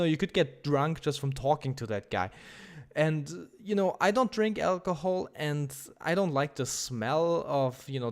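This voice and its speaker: Rambling man telling a disgusted story. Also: mid-range voice. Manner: rambling, exaggerated disgust, many fillers. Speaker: gaming commentator. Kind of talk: storytime commentary over gameplay.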